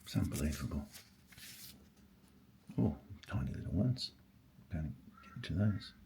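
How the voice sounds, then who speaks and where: Very deep gravelly husky older man. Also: moderate pace, heavy background noise. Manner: excitable, murmurs and exclaims to himself. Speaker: stamp collector. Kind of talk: casual vlog, thinking aloud while sorting.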